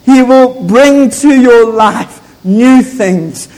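A man's voice: sits high, expressive, slow, darkish tone. A man, a pastor preaching an impassioned, emphatic sermon in a church. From South Africa. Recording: echoey church hall.

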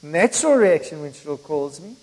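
A man's voice: on the high side, lively intonation, a little fast, darkish tone. A middle-aged man preaching a sermon in a church, telling personal stories in a conversational way. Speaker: pastor. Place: church hall. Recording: reverberant church hall.

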